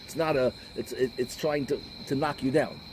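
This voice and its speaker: A middle-aged rabbi talks in a combative, animated way, telling stories as he lectures. He drops Yiddish and Hebrew words as he goes. His pitch sits in a middle range, with faint noise in the background. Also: moderate pace, poor audio. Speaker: rabbi giving a talk. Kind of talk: informal lecture with storytelling.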